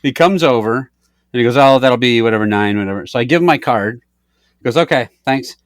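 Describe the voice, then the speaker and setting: A man's voice: medium pitch, fairly quick, dry recording, studio quality. A man co-hosting a podcast, telling a story in casual chat, acting out both sides and swearing freely. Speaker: podcast co-host.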